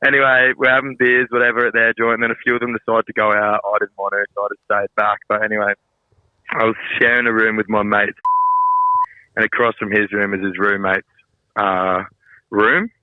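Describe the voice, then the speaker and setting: A young Australian man on a phone call, telling a story in an animated way, laughing and swearing freely. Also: lowish voice, brisk, clean tone, dry recording. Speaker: podcast co-host calling in. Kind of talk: casual storytelling.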